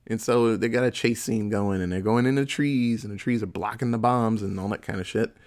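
A man's voice: on the low side, brisk, a little mellow. A man in casual chat, retelling a movie plot in a profane, laughing storytelling manner.

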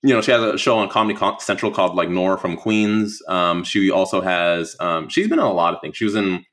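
A man's voice: low voice, expressive, brisk, fairly bright tone. A young man talking casually as a guest, rambling with many fillers and restarts. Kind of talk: casual conversation.

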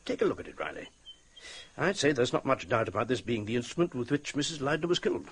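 A man's voice: mid-range voice, very animated, quick pace, slight background noise, lightly acted. A man playing a blunt police captain. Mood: brusque. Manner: brusque, matter-of-fact.

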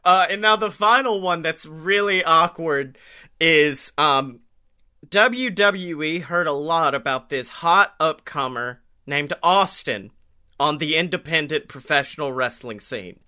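A man's voice: a little high, a little slow, sharp tone, clean tone. A man co-hosting a podcast, telling wrestling stories in casual, profane chat and laughing often. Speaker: podcast co-host.

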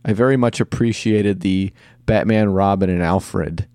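A man co-hosting a casual movie podcast, talking in a relaxed, joking way. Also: deep voice, unhurried, no room sound. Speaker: podcast co-host.

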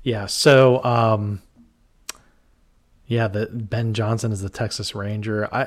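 Laid-back man hosting a film podcast. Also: lowish voice. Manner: relaxed, laughs often, acts out scenes. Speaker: podcast host. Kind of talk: casual chat.

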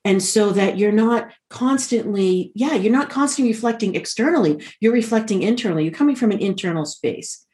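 A woman talking as a podcast guest in an emphatic, animated way, speaking over a video call. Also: mid-range voice, a little fast, few pauses. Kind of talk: casual podcast conversation.

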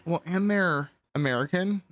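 A woman's voice: lowish voice, normal speed, no room sound. A woman co-hosting a podcast in casual chat, mostly reacting with short remarks and skeptical questions. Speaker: podcast co-host.

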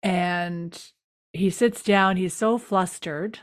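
A woman co-hosting a podcast, animated and outspoken as she recaps a TV episode. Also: lowish voice, takes it slowly, no echo, clean studio sound. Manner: animated, exclaims and swears, acts out reactions. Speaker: podcast co-host. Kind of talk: casual chat recapping a TV episode.

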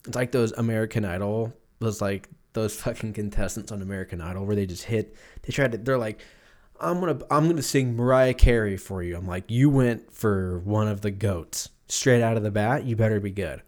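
A man's voice: fairly low pitch, a little fast, few pauses, a little mellow. A man in his thirties hosting a solo podcast, rambling casually with loose, profane, jokey storytelling while drinking a beer. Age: 30s. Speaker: podcast host.

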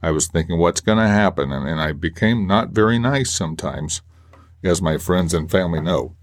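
Man, very low voice, podcast host, earnest, emotional, halting restarts. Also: expressive. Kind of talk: personal faith podcast monologue.

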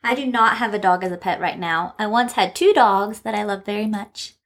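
A woman hosting a children's alphabet lesson, speaking in a slow, sing-song teaching voice and stretching out letter sounds. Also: medium pitch, fairly bright tone. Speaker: children's podcast host and teacher.

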